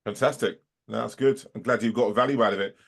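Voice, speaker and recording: A man's voice: lowish voice, fast talker, gravelly, fairly bright tone. A man running a final course session, losing his voice, checking in with students in a friendly way and repeating his praise. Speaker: course organizer. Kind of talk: casual check-in.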